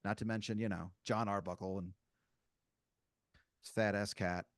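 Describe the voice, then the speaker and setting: A man's voice: on the low side, steady tone, moderate pace, no echo, clean studio sound, voice pushed down, lightly acted. A man playing an eager, salesy male corporate caller in improvised comedy, with hesitant fillers. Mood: chipper. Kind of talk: improvised comedy role-play.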